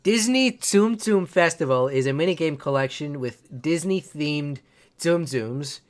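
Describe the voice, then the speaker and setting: A chatty man with a slightly higher voice runs through game news on a casual podcast. He rambles, trips over his words and corrects himself, chuckling at his own slips. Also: expressive, unhurried. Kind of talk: casual chat.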